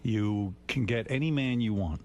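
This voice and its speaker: A man's voice: lowish voice, moderate pace, a little mellow, a little hiss or hum. A man hosting a radio talk show, talking bluntly and teasing his guest in frank banter.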